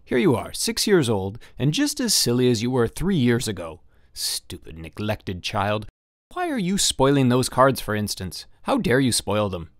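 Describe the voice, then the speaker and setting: A man voicing an irritable, tired middle-aged father in a storybook reading, curt and quick to scold. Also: medium pitch, wildly swooping pitch, dry recording, clean studio sound. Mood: angry, scolding. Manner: curt, testy.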